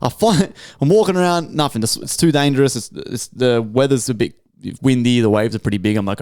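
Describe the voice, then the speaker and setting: A man's voice: medium pitch, brisk, few pauses, no room sound, clean studio sound. Profane Australian man telling a story. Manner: profane, animated storytelling with heavy slang. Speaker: podcast co-host. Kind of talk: casual chat.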